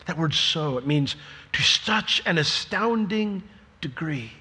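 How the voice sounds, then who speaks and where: A man pastor delivering a sermon, swinging between loud emphatic questions and hushed, slow, near-whispered phrases. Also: a little high, lively intonation, husky. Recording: long reverb of a large hall.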